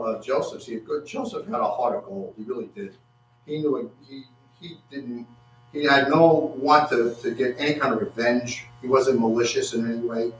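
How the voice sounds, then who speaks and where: Halting preacher in an echoey room. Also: male voice, mid-range voice. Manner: halting, repeats words, acts out quotes with rising excitement. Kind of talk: sermon. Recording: echoey room from far off with faint hum.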